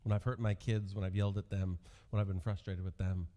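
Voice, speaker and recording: A man's voice: sits low, little pitch movement, quick pace, dark tone. A male pastor in his thirties giving a sermon, telling stories from his youth with self-deprecating humor.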